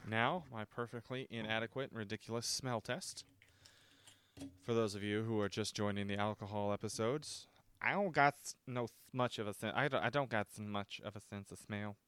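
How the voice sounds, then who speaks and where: Low, smooth-voiced rambling young man. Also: moderate pace, a bit bright. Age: 20s. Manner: rambling, swears freely, self-mocking. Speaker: vlogger reviewing drinks. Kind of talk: casual chat to camera.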